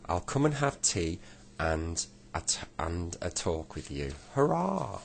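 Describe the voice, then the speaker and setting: A man voicing a jolly, half-deaf old pedlar who shouts with glee, his voice raised well above his own. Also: low-pitched, very animated, unhurried, a little hiss or hum. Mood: cheerful.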